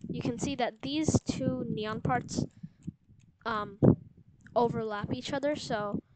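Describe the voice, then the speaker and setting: A woman's voice: fairly high pitch, slow. A woman hosting a casual gameplay walkthrough, rambling and unsure of herself, with lots of fillers. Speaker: game guide host. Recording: loud background noise with clicks.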